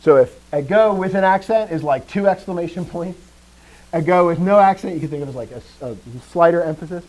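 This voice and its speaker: A man teaching Greek grammar to a class, lively, putting questions to his students and often dropping to a quiet trailing voice. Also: fairly high pitch, rough recording. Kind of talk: classroom lecture.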